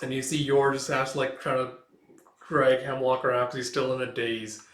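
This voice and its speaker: A man's voice: medium pitch, level tone, moderate pace, fairly bright tone. Male host for a casual comic read-through with a roomy echo and plenty of fillers. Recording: echoey room.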